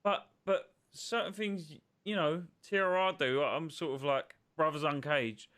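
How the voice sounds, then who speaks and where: Bright, blunt man. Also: a little high, unhurried. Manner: blunt, sweary, repeats himself. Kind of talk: casual chat on a live stream.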